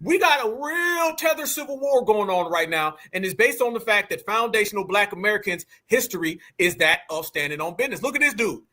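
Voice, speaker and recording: A young man giving animated, slangy online commentary, acting out quoted people with rhetorical questions. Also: high voice, brisk, few pauses. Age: young adult. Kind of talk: animated street-talk commentary.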